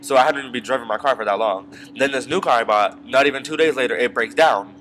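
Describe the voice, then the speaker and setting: A man's voice: mid-range voice, quick pace, a bit bright, slight background noise. Rambling, profane young man venting. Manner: rambling, profane, full of fillers and asides. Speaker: vlogger. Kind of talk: casual storytelling rant.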